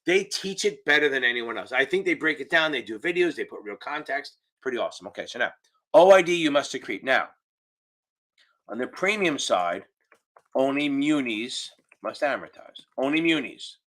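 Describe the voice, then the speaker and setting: A man's voice: mid-range voice, lively intonation, normal speed, a bit bright. A man teaching a live online exam-prep session over a video call, casual and joking, with the odd curse. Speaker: exam tutor. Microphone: computer mic on a video call.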